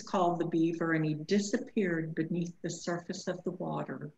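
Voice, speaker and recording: A woman teacher reading a storybook aloud in a slow, expressive way for a lesson. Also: low voice, creaky. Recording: echoey room, dull lo-fi sound.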